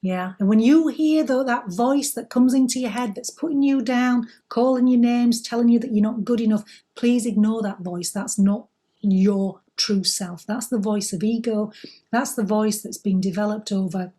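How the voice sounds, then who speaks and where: A woman's voice: on the high side, normal speed, mellow. A woman co-hosting a spiritual chat, earnest and encouraging, who laughs easily. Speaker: spiritual teacher and co-host.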